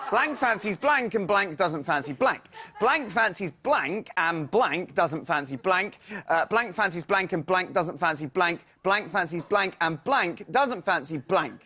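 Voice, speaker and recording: A man's voice: high voice, animated, a little slow, pushed and bright. A man, a comedian guest running a quiz on a TV chat show, cheeky and exaggerated. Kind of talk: comic studio quiz banter.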